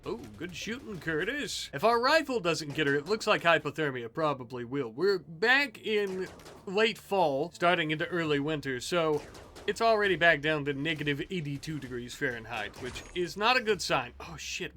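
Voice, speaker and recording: Animated man narrating a video game. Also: fairly high pitch, moderate pace, slight background noise. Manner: animated, swears and yells at the game. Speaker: gaming YouTuber. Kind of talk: let's play commentary.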